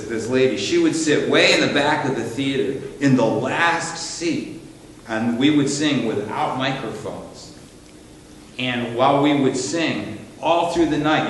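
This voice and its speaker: A man's voice: mid-range voice, slight background noise. A man leads a live seminar for a ministry team, chatting and telling stories with lots of fillers and restarts. His voice sits in a middle register. The recording is heavy with room echo and reverb, as if captured in a big hall. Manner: folksy, storytelling, many fillers and restarts.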